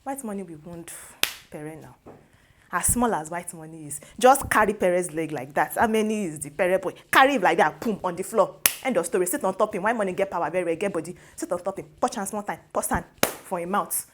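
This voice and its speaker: A woman with a Nigerian accent hosting a casual gossip commentary, animated and opinionated, slipping into pidgin phrases, recorded on a lapel mic in a studio. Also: on the low side, a little fast, slight background noise. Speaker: host.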